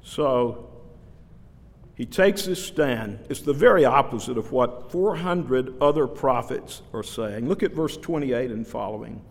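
A man's voice: medium pitch, animated, normal speed, vocal fry, hardly any pauses. A male pastor preaching an expository sermon, earnest and dramatic, who acts out the dialogue of scripture. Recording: long reverb of a large hall.

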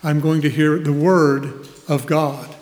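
Male preacher, slightly high voice, expository sermon, long hall reverb. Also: fairly even intonation, slow pace, a little mellow. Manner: expository preaching, reads verses aloud, chuckles often.

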